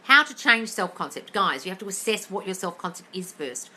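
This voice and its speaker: Blunt, bright-voiced woman calling everyone darling. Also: medium pitch, sing-song, fairly quick, a little hiss or hum. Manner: blunt, sweary, calls listeners darling. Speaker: manifestation coach answering live questions. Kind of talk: casual live-stream Q&A. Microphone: phone.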